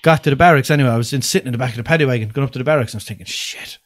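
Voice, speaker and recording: A young Irish man, a podcast guest, telling a story in casual chat, animated and swearing freely. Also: mid-range voice, racing.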